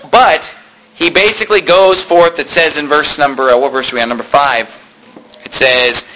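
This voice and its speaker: A man's voice: on the high side, sing-song, normal speed, sharp tone, slight background noise, low-quality recording. A man preaching a sermon, reading scripture aloud and retelling it casually with lots of fillers.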